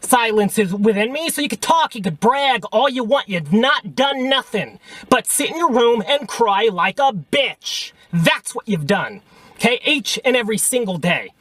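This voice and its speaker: A man's voice: extremely high pitch, lively intonation, normal speed, a bit bright, dry recording. A man delivering a combative, mocking rant at another video maker to his camera. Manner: combative, mocking, repeatedly says okay and pal. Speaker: vlogger. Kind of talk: ranting response video.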